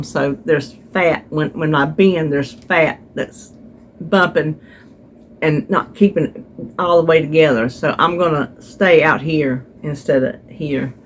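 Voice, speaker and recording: Woman vlogger, chatty, animated storyteller, phone recording at home, faint background hiss. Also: low voice, a little slow. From North Carolina. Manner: chatty, animated retelling with voiced quotes. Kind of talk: casual storytelling to viewers.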